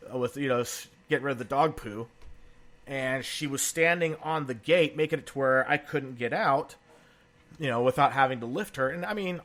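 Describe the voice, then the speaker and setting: A man in his thirties co-hosting a podcast, telling family stories in a relaxed chat and laughing often. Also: mid-range voice. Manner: animated storyteller, laughs often. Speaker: podcast co-host. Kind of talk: casual conversational storytelling.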